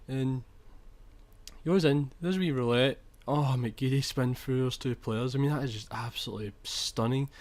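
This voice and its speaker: A man's voice: medium pitch, normal speed. Chatty young man gaming. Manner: chatty, swears when annoyed, trails off and restarts. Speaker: gaming commentator. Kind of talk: video game commentary.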